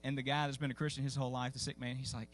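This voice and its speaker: A man's voice: medium pitch, flat delivery, rapid-fire. A man preaching a sermon, telling a story in a folksy, conversational way with many fillers and restarts. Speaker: pastor. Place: church sanctuary.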